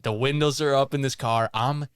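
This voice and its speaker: Young guy, hesitant and soft-spoken, smooth lowish voice, dry close mic. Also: steady tone, normal speed, dry recording. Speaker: guest, co-host. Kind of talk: casual conversation.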